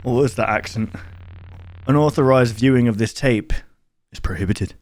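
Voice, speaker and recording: A man's voice: medium pitch, normal speed, long pauses, a little mellow, soft background music. Rambling man hosting a reaction video. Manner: rambling and self-mocking, reads on-screen text aloud. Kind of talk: casual commentary reacting to videos.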